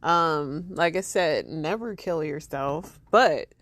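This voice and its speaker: A woman host talking casually about the clips she plays, full of "like" and "um". Her voice sits on the low side, and the recording is dry and close. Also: takes it slowly, a bit bright, dry recording. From United States. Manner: chatty, hesitant, lots of "like" and "um". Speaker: podcast host reacting to clips. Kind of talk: casual reaction commentary.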